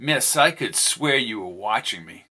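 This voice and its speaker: A man's voice: on the low side, animated, a little slow, bright, forceful tone, heavily acted. A man reading an audiobook, voicing a forward, curious young baseball fan from the 1920s. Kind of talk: audiobook character voice.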